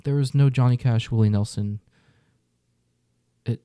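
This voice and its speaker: A man's voice: mid-range voice, steady tone, measured pace, dark tone, clear, resonant tone, dry recording. A man reacting casually to a music list, muttering exasperated, profane comments with whispered asides.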